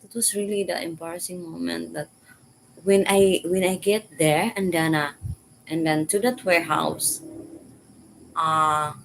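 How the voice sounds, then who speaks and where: A woman casually telling a personal story in halting, repetitive English. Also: fairly low pitch, steady tone, gravelly, slight background noise, poor audio. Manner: halting, repeats words, simple learner English.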